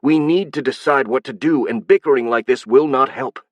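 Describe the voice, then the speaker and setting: A man reading an audiobook, voicing a worried young man who hesitantly tries to calm others. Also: mid-range voice, moderate pace, dry recording, dull audio, pitched above the performer's own voice, natural voice. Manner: hesitant, placating. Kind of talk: audiobook narration.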